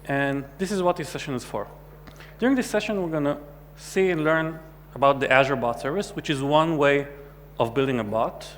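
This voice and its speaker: A man's voice: on the high side, normal speed. A man from Israel, giving a technical talk at a conference in a light, joking way. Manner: light, joking presenter who acts out quoted chats. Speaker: conference speaker. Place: large conference hall. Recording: hall reverb with faint hum.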